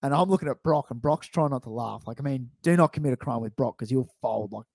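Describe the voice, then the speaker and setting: Quick and gravelly at a mid-range pitch, this young Australian man co-hosts a podcast and spins a story in relaxed conversation. He laughs animatedly and performs the quotes, all in clean studio sound without echo.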